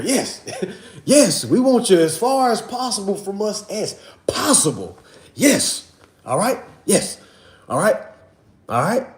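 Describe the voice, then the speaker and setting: Man, high lively voice, preachy and repetitive, livestream lecture, echoey room. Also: slow pace, pauses often. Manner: preachy, repetitive, calls viewers "family" and "y'all". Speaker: livestream host teaching a finance class.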